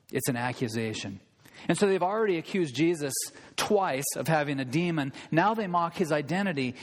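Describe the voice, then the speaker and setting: A man preaching a sermon in a church, emphatic and impassioned, building his points with repetition and rhetorical questions. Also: on the high side. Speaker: pastor. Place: church sanctuary. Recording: long reverb of a large hall.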